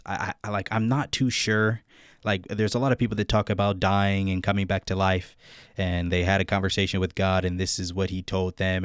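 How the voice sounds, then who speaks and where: A man hosting a reaction video in casual commentary, thinking out loud with many fillers and restarts. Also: deep voice, clean tone, no room sound, studio quality.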